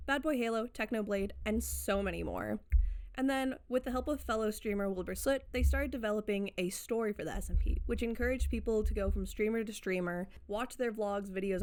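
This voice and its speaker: A woman's voice: medium pitch, darkish tone. A woman narrating a casual commentary video essay, chatty and digressive with playful sarcasm. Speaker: commentary YouTuber.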